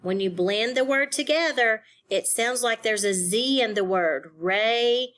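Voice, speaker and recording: A woman's voice: a little high, lively intonation, measured pace, fairly bright tone. A woman teaching a phonics lesson to young students, sounding out syllables and spelling words letter by letter.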